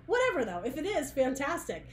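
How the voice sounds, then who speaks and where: Female tarot reader, casual rambling delivery, a bit high-pitched, faint hiss behind. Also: huge pitch swings, a little fast. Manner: chatty and searching, many restarts and asides. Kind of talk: casual tarot reading monologue.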